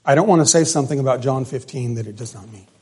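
A man preaching a sermon, stressing words hard and then dropping to quiet lines. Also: medium pitch, fast, slightly rough. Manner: emphatic, swings between loud stresses and quiet drops.

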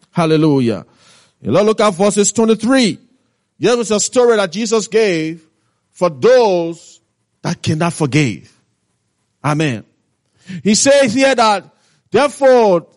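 A man preaching a sermon, retelling a parable in acted-out voices and calling out hallelujah often. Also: high-pitched. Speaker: pastor.

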